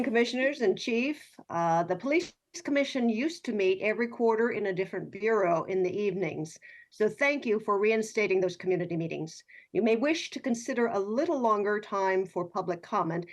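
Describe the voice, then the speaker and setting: A woman giving polite, measured public comment to a police commission. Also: mid-range voice.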